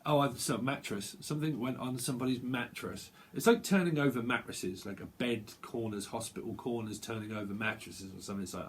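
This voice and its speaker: Rambling, chatty tarot reader. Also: male voice, mid-range voice, fairly quick, few pauses, a little hiss or hum. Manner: rambling, chatty, many fillers and restarts; acts out little quoted voices, bursts of laughter. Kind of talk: casual livestream tarot reading.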